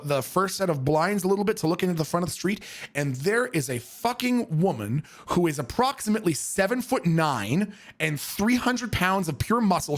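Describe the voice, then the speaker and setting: Profane animated storyteller man, high voice. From Canada. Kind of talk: comedic storytelling.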